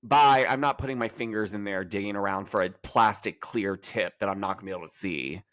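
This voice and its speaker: A man co-hosting a podcast in casual gossip chat, sassy and animated with quick comic asides. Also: lowish voice. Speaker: podcast co-host.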